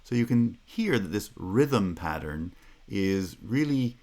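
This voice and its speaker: A middle-aged man lectures in a deep, low register, taking his time over each point. He speaks at an unhurried pace and sounds out example phrases with deliberate, exaggerated rhythm. It has the careful, explanatory feel of a recorded university class. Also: big pitch swings, dark tone.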